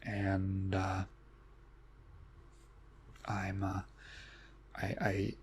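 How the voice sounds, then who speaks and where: A man's voice: completely flat delivery, drawn-out words, a little hiss or hum, exaggerated voice. A man doing a mumbling movie-star impression. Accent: vague put-on European. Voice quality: low, hushed mumble. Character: adult male movie star, mumbling and hesitant.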